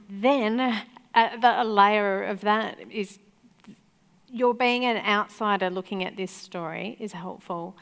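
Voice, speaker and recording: Woman moderating in an echoing hall. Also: medium pitch. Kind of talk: interview questions. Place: festival stage in a large hall. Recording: long hall reverb.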